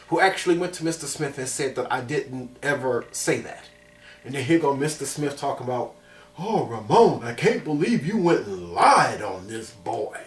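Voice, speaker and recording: Animated man in a roomy echo. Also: fairly high pitch. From Chicago. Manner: animated, emphatic, repeats phrases. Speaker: vlogger. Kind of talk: personal storytelling. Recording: roomy sound from a distant mic.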